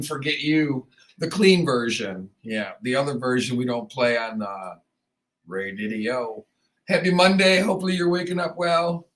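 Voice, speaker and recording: In a studio, a man hosts a morning radio show, chatting casually on air in a rambling, joking, self-deprecating way. His voice is on the high side and slightly froggy, and the recording quality is low.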